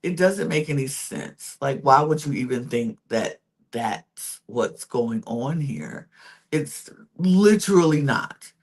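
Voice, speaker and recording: A young woman gives a casual recap of reality TV. Her pitch swoops up and down as she talks. She is sassy and animated, and she keeps slipping into the voices of the people she quotes. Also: slow, slightly rough. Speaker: podcast host recapping reality TV.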